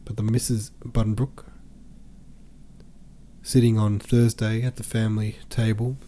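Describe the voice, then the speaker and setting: A man reading a classic novel aloud as an audiobook, steady and measured. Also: fairly low pitch, slight background noise. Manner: steady, measured, even storytelling. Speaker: podcast host and audiobook reader.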